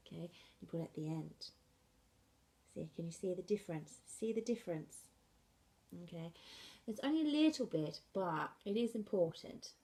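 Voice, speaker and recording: A woman teaching a sign language class in a slow, patient way, often checking in with "okay". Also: mid-range voice, expressive, a little mellow. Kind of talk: classroom lesson.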